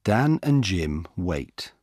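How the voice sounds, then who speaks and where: A man narrating a simple story for English learners in a slow, clear, deliberate way. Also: sits low, big pitch swings, darkish tone, no room sound, clean studio sound.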